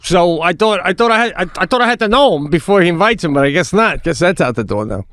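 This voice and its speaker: A man's voice: high voice, quick pace, dry recording, clean studio sound. A middle-aged man co-hosting a podcast, laughing often and acting out conversations in a casual chat. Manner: laughing, animated, acts out conversations. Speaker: podcast co-host.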